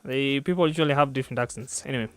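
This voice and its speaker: A man's voice: mid-range voice, rapid-fire, fairly bright tone, no echo. A young man with a Kenyan accent hosting a casual podcast, joking and laughing often. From East Africa. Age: young adult. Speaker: podcast host.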